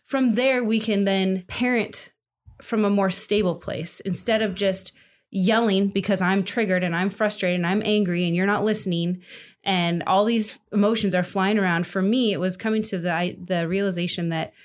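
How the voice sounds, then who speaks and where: A woman's voice: mid-range voice, steady tone, normal speed. A young adult woman talking earnestly in a casual faith podcast chat, rambling and restarting her sentences. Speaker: podcast co-host.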